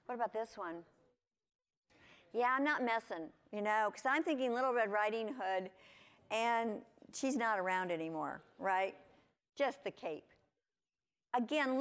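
A woman giving a lively conference talk to teachers, asking her audience lots of questions. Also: medium pitch. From United States. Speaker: conference presenter. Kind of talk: lecture to teachers. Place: conference hall.

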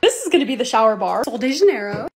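A woman's voice: a little high, sing-song, fast talker, over music. A young woman narrating her lifestyle vlog in a bubbly, upbeat, casual voice-over. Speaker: lifestyle content creator.

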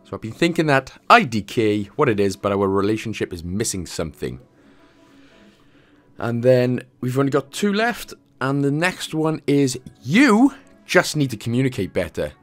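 A man's voice: medium pitch, sing-song, moderate pace. A man talks through a game walkthrough in an easygoing, chatty way, cracking jokes and wandering off on playful tangents. His voice rises and falls a lot as he goes, and faint music plays underneath. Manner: chatty, jokey, drifts into playful asides. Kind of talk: casual gameplay commentary.

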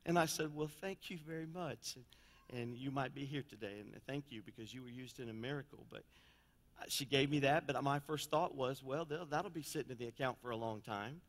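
A man preaching a sermon as pastor, telling stories in a folksy way and swinging between loud and quiet passages. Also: medium pitch, fairly quick. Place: church sanctuary. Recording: long church reverb.

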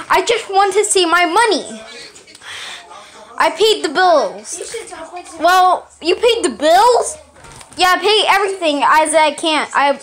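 A woman acting out a homemade cartoon, bickering playfully between characters with halting, repeated phrasing. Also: extremely high pitch, fairly bright tone.

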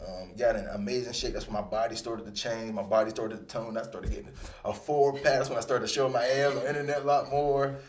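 A man in his thirties, a retired football player, telling stories from his career in a casual, rambling interview, sometimes jumping into animated bursts. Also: medium pitch, fast talker, a little hiss or hum. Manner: relaxed, rambling, with animated bursts when quoting himself. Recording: roomy echo.

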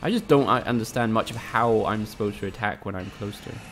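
A man with a low, gravelly voice streams a game and talks to his chat. He swears often and jokes sarcastically. A faint hiss of noise sits under the recording. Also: fast, a bit bright. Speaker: gaming streamer. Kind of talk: casual live-stream commentary.

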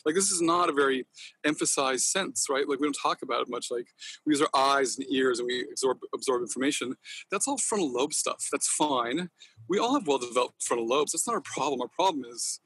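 A man speaks quickly and with passion, rambling as a podcast guest. His voice has a husky edge. His swearing comes easily, in a loose and casual way. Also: mid-range voice, expressive, a bit bright, no echo. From Northern California. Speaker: podcast guest, company founder. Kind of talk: casual interview chat.

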